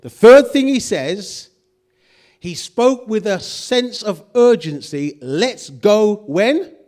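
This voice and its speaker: Man, preaching, slow and deliberate, pitch swinging widely, asks the congregation questions. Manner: animated preaching, acts out quoted voices, asks the congregation questions. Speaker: pastor. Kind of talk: sermon.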